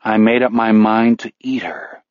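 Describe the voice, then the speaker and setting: A man's voice: lowish voice, unhurried, no echo, close to an everyday voice. A man reading a cold, menacing letter writer. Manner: flat, chilling recitation. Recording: dull, dry studio audio.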